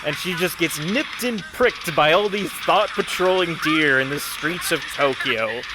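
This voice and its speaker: A man's voice: on the high side, animated, measured pace, noisy background. A man giving mocking reaction commentary over a clip, sarcastic and scornful in tone.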